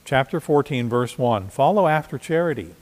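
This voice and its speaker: A man's voice: medium pitch, lively intonation, moderate pace, a little mellow, long reverb tail. A man preaching a sermon as pastor, conversational, with frequent restarts and repeated words. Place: church.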